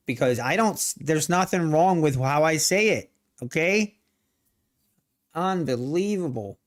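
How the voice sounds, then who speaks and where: A man who natively speaks Pennsylvania Dutch, and has the accent, hosts a live day-trading stream, casually joking with his viewers. His voice sits a little high.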